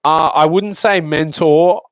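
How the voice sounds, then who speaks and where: A man's voice: a little high, steady tone, slow, clear, resonant tone, no echo. A young adult man with an Australian accent, a fighter guest chatting casually on a podcast, swearing a lot and bragging in jest. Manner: crude, swearing, boastful joking.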